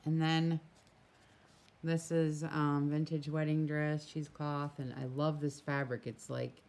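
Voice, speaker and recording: A woman's voice: sits low, little pitch movement, unhurried, darkish tone. A woman who runs a craft shop, casually chatting as she flips through a handmade journal, gushing and full of small asides, recorded outdoors in a breeze on a camera mic.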